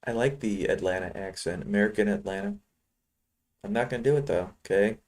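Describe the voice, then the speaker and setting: Speaking fairly quickly in a fairly low voice, a man from Chicago talks casually with viewers while he trades futures, rambling between trades.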